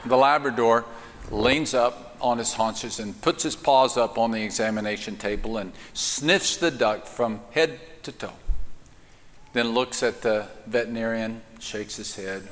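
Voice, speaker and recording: A man preaching a sermon in a church, telling a joke with voices and then speaking slowly and emphatically. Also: mid-range voice, a bit bright. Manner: acts out the joke's voices, slow emphatic preaching. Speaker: pastor. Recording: reverberant church hall.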